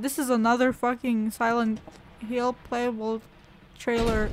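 A woman's voice: a little high, level tone, a little slow, slight background noise. A young woman giving casual horror gameplay commentary, joking, sarcastic and swearing freely. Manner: swears a lot, jokey and sarcastic. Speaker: let's play gamer.

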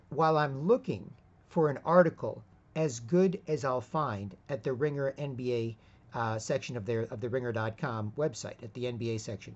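A man of middling pitch delivers a loose, rambling monologue as the host of an online show. He keeps circling back with fillers and restarts, and the audio has a slightly dull, lo-fi quality. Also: a little mellow. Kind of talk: casual monologue.

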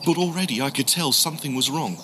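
A man's voice: fairly high pitch, bright, forceful tone, slight background noise. Man telling as grieving doubting disciple. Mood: bitter. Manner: halting, emotional, repeats words. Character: grieving doubting male disciple, bitter and stubborn. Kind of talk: first-person dramatic storytelling.

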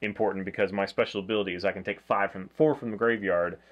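A man hosting a casual board game review, talking in a flat, low-key way. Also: quick pace, dull audio. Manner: low-key, flat delivery, self-described monotone.

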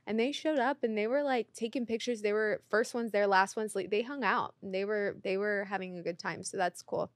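A woman's voice: medium pitch, brisk, hardly any pauses, no echo. A woman, a podcast guest, telling stories in casual chat and acting out what people said. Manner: animated, acts out quoted voices.

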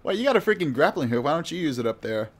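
A man's voice: on the high side, sing-song, racing. A man giving live gameplay commentary in a rambling, flustered, self-mocking way. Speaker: gamer.

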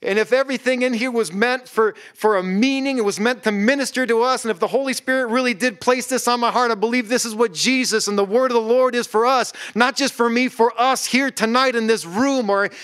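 Male pastor, high-pitched preaching voice, sermon delivery with amen calls. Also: a little fast, hardly any pauses, a bit bright. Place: church hall with congregation.

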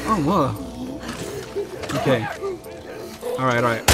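A man giving casual gameplay commentary, panicking, swearing and repeating himself in quick bursts. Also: medium pitch, expressive, noisy background. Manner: panicky, swears a lot, repeats words rapidly. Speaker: let's play gamer. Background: loud game music.

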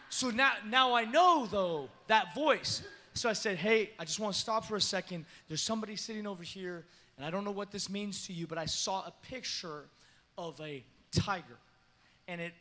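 A man preaching in a church with a high, bright voice. He tells stories and acts out the voices of the people in them, laughing now and then. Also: slight background noise. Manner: animated, acts out quoted voices, laughs often. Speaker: pastor. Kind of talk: sermon with storytelling. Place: church sanctuary.

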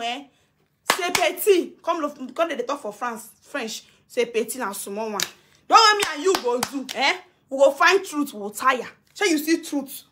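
On a live video, a Nigerian-accented woman, a social media personality, talks straight into her phone camera to confront someone. She has a high voice, and there's noise in the background. Emphatic throughout, she keeps repeating her demands, breaking into occasional laughter.

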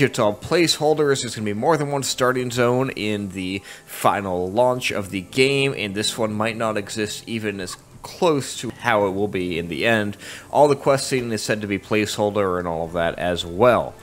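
A man's voice: on the low side, normal speed, faint music behind. Casual man narrating a game. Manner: casual and rambling. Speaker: gamer. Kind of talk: let's-play commentary.

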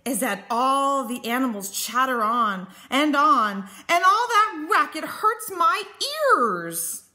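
A woman's voice: high-pitched, big pitch swings, slow pace, sharp tone, voice pushed up, full character voice. A woman voicing a grumpy, sleepy rabbit who complains in a storybook read-aloud. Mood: grumbling. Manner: cranky, complaining.

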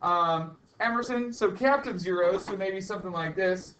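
A man's voice: high-pitched, normal speed, fairly bright tone, slight background noise, low-quality recording. A male chemistry teacher lecturing a class, chatty and teasing, repeating the key points. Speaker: high school chemistry teacher.

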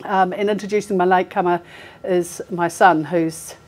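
A woman's voice: lowish voice, steady tone, moderate pace. Chatty woman presenting to an audience. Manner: chatty, laughs often, many fillers. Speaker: healthcare recruiter presenting. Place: meeting room with a live audience.

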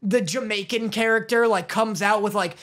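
A man's voice: high voice, fairly even intonation, moderate pace, fairly bright tone. A man co-hosting a podcast in casual chat, easygoing and rambling, with many "like" fillers. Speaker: podcast co-host.

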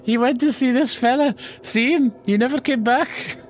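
A man voicing a suspicious old woman with chickens, in a high, wavering put-on Irish accent. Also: normal speed. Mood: grim.

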